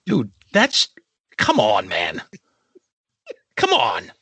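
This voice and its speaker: A man's voice: fairly low pitch, huge pitch swings, drawn-out words, pushed and bright, slightly rough, dry recording. A man co-hosting a podcast in casual chat, cracking jokes and chiming in on his friend's story. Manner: joking, chiming in with quips. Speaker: podcast co-host.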